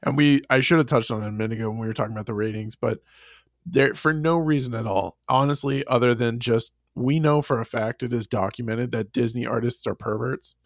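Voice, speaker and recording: Brief: male podcast co-host, mid pitch, blunt and profane, dry close sound. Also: brisk, no echo. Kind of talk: casual chat.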